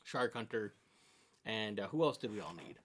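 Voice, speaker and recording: A man's voice: on the low side, sing-song, normal speed, a little hiss or hum. Man riffing in casual podcast chat. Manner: rambling, riffing on a made-up movie plot. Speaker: podcast co-host.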